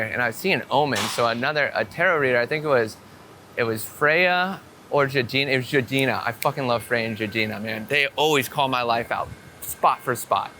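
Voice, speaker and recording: Excitable swearing man vlogging outdoors, bright voice. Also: mid-range voice, slight background noise. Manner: excitable, swearing storyteller with many "I'm like" quotes. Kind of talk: casual talk to camera. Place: outdoors on a city street.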